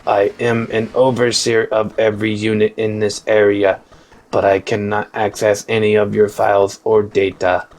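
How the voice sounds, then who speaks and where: A man reading out the lines of a stern male robot overseer in a slow, flat, mechanical way, as he plays a video game. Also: on the low side, close to an everyday voice, low-quality recording. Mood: commanding. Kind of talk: reading game dialogue aloud.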